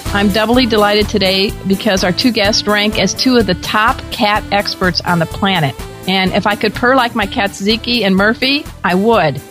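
A woman's voice: mid-range voice, moderate pace, fairly bright tone, faint music behind. A woman hosting a pet radio talk show, bubbly and enthusiastic with playful asides.

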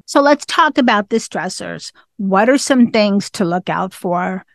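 A woman's voice: medium pitch, lively intonation, a little slow, vocal fry, no room sound. A woman hosting a pet podcast, asking questions in a chatty, conversational way. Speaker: podcast host. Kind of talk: casual interview chat.

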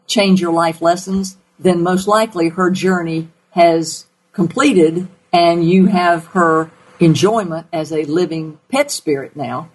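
A woman's voice: on the low side, a little mellow, poor audio. A woman with a Southern accent hosting a call-in radio show as a pet psychic, folksy and emphatic.

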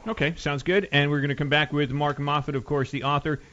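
A man's voice: fairly high pitch, little pitch movement, brisk, sharp tone, highs cut off. A male radio host interviewing a guest, joking and laughing often.

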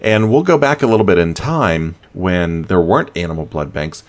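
A man hosting a pet radio show, chatting in a casual, animated way with chuckling asides. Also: sits low, moderate pace. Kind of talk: casual podcast talk.

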